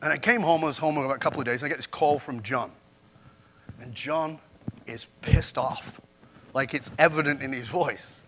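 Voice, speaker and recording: Bright-voiced man giving a keynote. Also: a little high, normal speed, a little hiss or hum. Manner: storytelling, asks the audience questions. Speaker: keynote speaker. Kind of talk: motivational keynote talk. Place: conference stage before a live audience.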